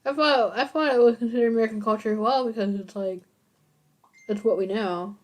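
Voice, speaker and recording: A woman's voice: a little high, brisk. A woman co-hosting a podcast in casual chat, playful and rambling with goofy asides. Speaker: podcast co-host.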